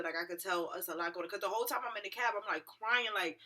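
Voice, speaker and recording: A young woman telling a story to her viewers in a lively, profane, slangy way. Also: fairly low pitch, fast, hardly any pauses. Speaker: vlogger. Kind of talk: storytime vlog.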